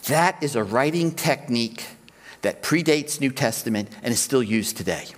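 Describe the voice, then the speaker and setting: Pastor preaching in a reverberant hall. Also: male voice, mid-range voice, expressive, moderate pace. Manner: explanatory, counts out points in threes. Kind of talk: sermon.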